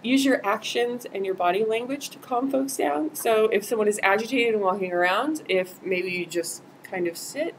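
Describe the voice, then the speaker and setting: A woman's voice: mid-range voice, moderate pace, hardly any pauses, slight background noise, poor audio. A woman volunteer trainer giving a casual live-streamed training talk, acting out example quotes as she goes.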